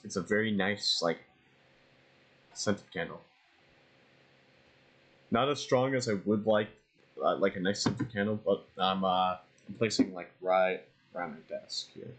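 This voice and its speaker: A young man casually commentating a game he plays, rambling and swearing. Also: fairly low pitch. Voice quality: rambling, profane, excitable. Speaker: let's play streamer.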